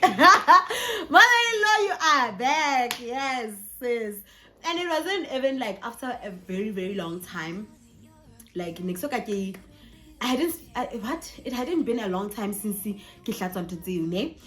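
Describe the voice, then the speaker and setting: A young woman with a South African accent telling a personal story in a chatty, animated vlog, slipping in Sesotho phrases. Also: mid-range voice, normal speed. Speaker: vlogger. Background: faint background music.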